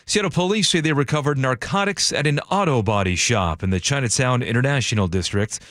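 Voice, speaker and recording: A man reading a radio newscast in a crisp, scripted manner. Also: medium pitch, a little fast, a bit bright, dry recording. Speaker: news anchor.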